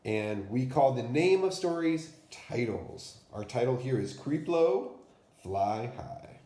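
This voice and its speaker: Slow, clearly spoken male first-grade teacher. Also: mid-range voice, animated, warm tone, reverberant. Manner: clear, deliberate enunciation for children. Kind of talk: phonics lesson and story read-aloud.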